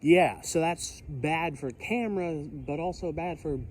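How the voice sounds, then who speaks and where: A man's voice: a little high, measured pace, a little mellow. Chatty man outdoors in stormy wind. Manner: chatty, self-deprecating, jokey asides. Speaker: vlogger filming a storm. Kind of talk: casual rambling commentary. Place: outdoors by his house in a storm.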